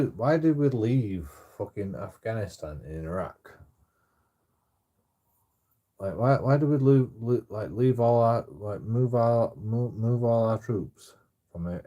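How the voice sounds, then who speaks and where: A man's voice: medium pitch, warm tone. A man rambling in casual chat as a streamer, swearing constantly and stammering through restarts.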